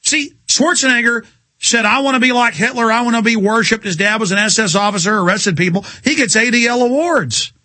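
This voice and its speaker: A man hosting a talk radio show, ranting in a heated, mocking, combative way and swinging his pitch for effect. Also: fairly quick, sharp tone, no echo. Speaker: radio host. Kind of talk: heated on-air rant.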